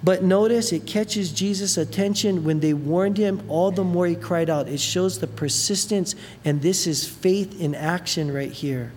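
A preacher gives an animated sermon, retelling a story with casual asides. The voice rings through a large hall with a long reverb, and faint noise sits underneath. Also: mid-range voice, unhurried, few pauses. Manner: animated storytelling, many fillers.

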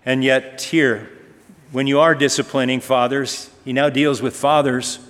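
A man's voice: mid-range voice, flat delivery, unhurried, a bit bright. Preaching man in a reverberant hall. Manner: conversational storytelling with rhetorical questions. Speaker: pastor. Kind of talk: sermon. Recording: long reverb of a large hall.

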